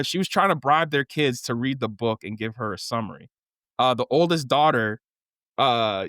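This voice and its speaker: A man co-hosting a podcast, casually recapping a TV show with lively, profane storytelling and acted-out quotes. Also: medium pitch, dry recording, clean studio sound. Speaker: podcast co-host.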